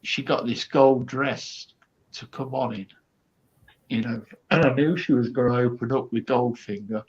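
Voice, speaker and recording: A man's voice: mid-range voice, fairly even intonation, unhurried, slightly rough, lo-fi sound. A man, a guest comedian, telling a rambling backstage anecdote full of quoted asides and fillers.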